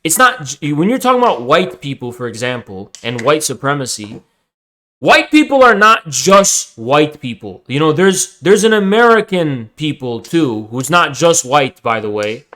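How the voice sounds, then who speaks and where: A man's voice: on the high side, very animated, normal speed, sharp tone, low-quality recording. Taunting, profane male streamer. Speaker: streamer and debate host. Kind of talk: livestream debate and rant at chat.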